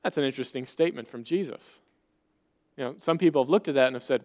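A man's voice: mid-range voice, quick pace, darkish tone. A pastor preaching a sermon to his congregation, earnest and conversational, often posing rhetorical questions.

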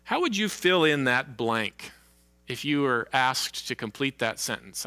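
Pastor guy preaching, bright tense voice, slows way down on the big lines. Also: medium pitch, sing-song. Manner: earnest preaching, slows for emphasis, rising for quoted cries. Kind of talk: sermon.

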